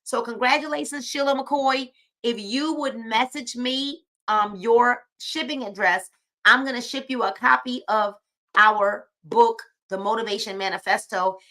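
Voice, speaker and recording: A woman's voice: a little high, a little slow, pushed and bright. A woman hosting a live book club stream, preachy and encouraging, often repeating her phrases.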